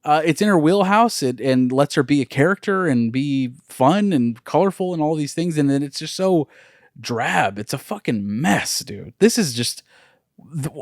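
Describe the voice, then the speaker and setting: Dude ranting about a movie, kinda high voice, cusses a ton, dry mic. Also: male voice, animated, normal speed, no echo. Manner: blunt, swears a lot, emphatic. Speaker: podcast co-host. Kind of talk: casual chat.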